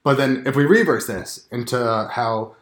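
A man's voice: mid-range voice, normal speed. A man chatting casually as a podcast co-host, candid and swearing freely, acting out little scenes as he talks. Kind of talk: casual chat. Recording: echoey room.

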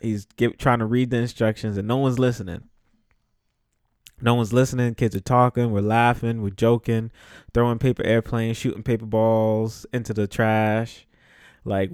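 A man's voice: mid-range voice, no echo, studio quality. A young man from the Bronx hosting his podcast, telling a story casually, swearing freely and laughing often as he talks. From the Bronx, New York. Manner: laughs often, profane and loose. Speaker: podcast host.

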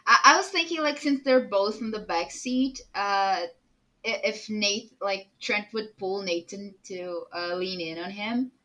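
A woman's voice: medium pitch, a little slow, sharp tone, a little hiss or hum, rough recording. A woman playing a tabletop role-playing game, talking earnestly with many hesitations and restarts. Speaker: player. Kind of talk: tabletop role-play chat.

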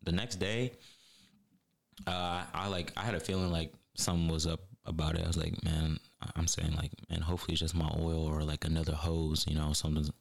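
A man guesting on a casual podcast, telling a story in a relaxed, slangy way and laughing often. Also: rumbling low, brisk, gravelly.

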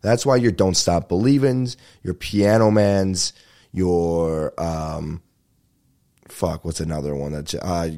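A young man hosting a podcast, rambling in casual chat, swearing freely and talking fast. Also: low voice, steady tone, dark tone. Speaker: podcast host.

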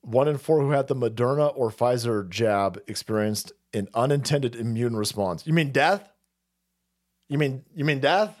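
A man's voice: mid-range voice, moderate pace. A man hosting a livestream, ranting in a profane, rambling, sarcastic way and laughing often. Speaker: stream host. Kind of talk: ranting commentary.

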